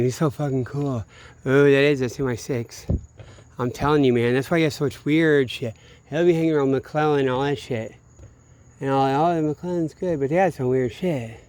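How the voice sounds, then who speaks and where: A man thinking out loud on a night walk outdoors, swearing often and stopping to grope for names as he meanders from one point to the next. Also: medium pitch. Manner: profane, meandering, searching aloud for names. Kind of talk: rambling late-night monologue.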